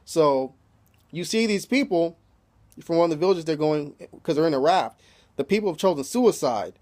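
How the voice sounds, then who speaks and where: A man in a laid-back spoken recap of a TV episode, his voice sitting a little higher than most men's. He talks loosely and swears freely, leaning on "you know" over and over and breaking into small chuckles as he retells scenes. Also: lively intonation, moderate pace, a little mellow. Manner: loose and profane, constantly says "you know". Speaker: TV episode reviewer.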